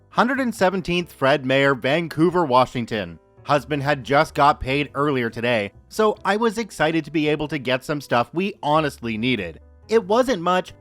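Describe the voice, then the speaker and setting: A man hosting a story podcast, reading listener posts aloud in a lively, expressive way. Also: a little high, dry recording. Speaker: podcast host reading stories. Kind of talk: narrating Reddit stories.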